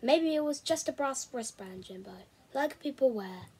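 A blunt teenage girl with a sarcastic bite, read out by a woman. She sits high and pushes her lines out loudly, with a husky grain under them. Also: animated, normal speed, heavily acted. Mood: grumbling. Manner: sharp, sarcastic.

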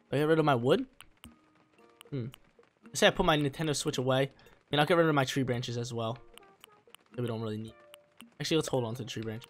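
Excitable young man commenting on gameplay. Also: medium pitch. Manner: excitable, slangy, chatty. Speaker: gaming channel host. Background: faint game music.

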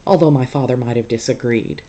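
A teacher reading a novel aloud to a class in a calm, steady storytelling manner. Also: mid-range voice, a little fast, highs cut off.

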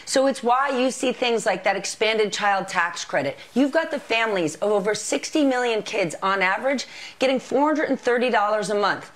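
A woman speaking as a television news anchor, briskly explaining economic figures. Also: a little high, lively intonation.

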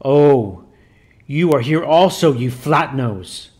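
A man's voice: on the high side, expressive, normal speed, lightly acted. A man voicing a raging demon possessing a boy, growling and groaning his defiance in a read-aloud story. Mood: defiant groaning.

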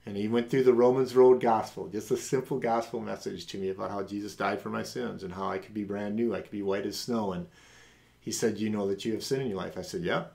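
A man's voice: quick pace, creaky. A middle-aged man hosting a podcast, telling a personal faith testimony and acting out the voices of people in it. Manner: animated, acts out quoted voices with big pitch jumps. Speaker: podcast host.

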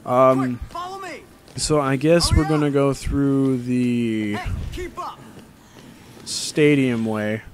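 A man's voice: mid-range voice, slight background noise. Young male let's-play commentator, talkative and jokey, recorded on a desk mic. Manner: rambling and chatty, with joking asides. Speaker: gameplay commentator. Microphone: desk microphone.

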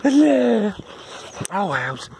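A woman's voice: medium pitch, big pitch swings, very slow, gravelly, noisy background. A woman walking dogs outdoors, cooing and chuckling at them in a sing-song baby talk for her video diary. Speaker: dog walker. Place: outdoors on a dog walk.

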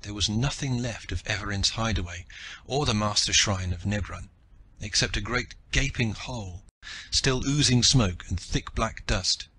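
A man reading an audiobook in the first person with a steady, dramatic delivery. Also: fairly low pitch, normal speed, a little hiss or hum. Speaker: audiobook narrator.

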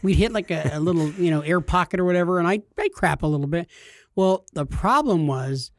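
Animated storytelling man, fairly high voice. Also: brisk, no room sound, studio quality. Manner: animated, jumps to high shouty voices when quoting people. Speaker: podcast co-host. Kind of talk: casual comedic storytelling.

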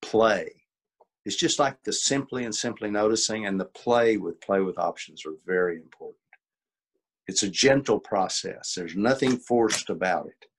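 The workshop leader, an older man, has a fairly low, slightly rough voice and a normal pace. Over a video call he teaches a coaching webinar, folksy in tone and fond of acted-out examples.

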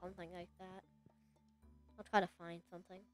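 A woman streaming a video game, chatting casually and talking to the characters on screen with sudden excited exclamations. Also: fairly low pitch, fairly quick, no room sound, studio quality, faint music behind. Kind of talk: casual gameplay commentary.

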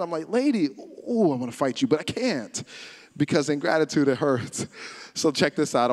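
A man with an American accent preaching a sermon as pastor, animated and repeating phrases, asking the congregation to say them back. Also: mid-range voice. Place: church service, large hall. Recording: long hall reverb.

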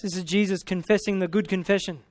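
Australian male preacher, high voice, exclamatory, close dry recording. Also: steady tone, fast, no echo. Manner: exclamatory, punctuating with hallelujah and amen; playful, paraphrasing scripture in everyday speech. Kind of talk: sermon teaching.

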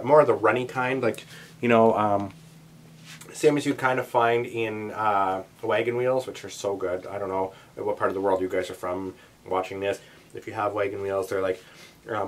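A young man vlogging a taste test, talking in a rambling, chatty way with many asides. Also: on the low side. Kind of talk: casual chat to camera.

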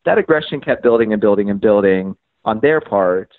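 A man telling his story as a podcast guest, animated, acting out conversations and using lots of "like" and "um". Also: lowish voice, a little fast, narrow, tinny audio. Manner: frequent fillers like "like" and "um". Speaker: podcast guest, media outlet founder.

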